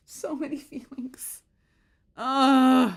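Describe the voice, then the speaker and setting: A young woman giving excited, dramatic, laughing commentary on her game play-through, swearing freely. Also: sits high, drawn-out words, gravelly, slightly rough. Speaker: streamer.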